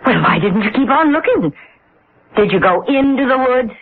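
A fretful, scolding old farm wife. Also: female voice, a little high, lively intonation, moderate pace, breathy edge. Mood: worried. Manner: scolding, folksy country speech. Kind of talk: 1940s radio acting. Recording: tinny old radio broadcast.

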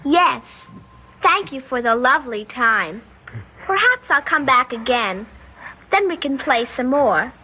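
A woman's voice: sits high, slow, breathy edge, lo-fi sound, full character voice. A woman doing an eerie polite little girl. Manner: prim, sing-song, calmly menacing. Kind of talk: radio drama acting.

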